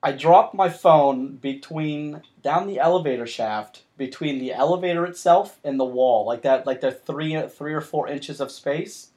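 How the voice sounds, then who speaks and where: A man's voice: fairly high pitch, a little slow, hardly any pauses, darkish tone. A man hosting a podcast in casual chat, telling long rambling stories with frequent restarts. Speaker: podcast host.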